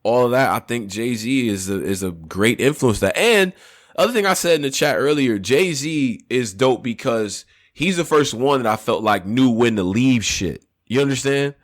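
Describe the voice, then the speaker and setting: A man hosting a casual podcast debate, talking in a laid-back, slangy way, his pitch swinging up and down as he muses. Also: lively intonation, normal speed. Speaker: podcast host and debate moderator.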